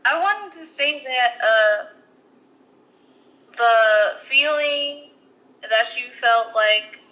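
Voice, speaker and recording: A woman's voice: a little high, drawn-out words, bright, forceful tone, highs cut off. A young adult woman co-hosting a podcast, telling a story casually and rambling with lots of "like" fillers and restarts. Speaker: podcast co-host.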